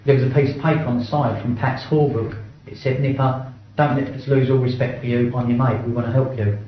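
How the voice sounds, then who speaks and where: Fast-talking blunt man, echoey room. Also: medium pitch, fairly even intonation, a little hiss or hum. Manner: blunt, swears often, stumbles and restarts while reliving events. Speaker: interviewee. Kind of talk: first-person account in an interview. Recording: very echoey, dull-sounding room recording.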